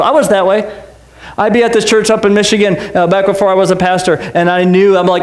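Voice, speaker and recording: A man's voice: high voice, flat delivery, fast talker, roomy sound. A man preaching a sermon as pastor, conversational and joking, full of rhetorical questions. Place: church sanctuary.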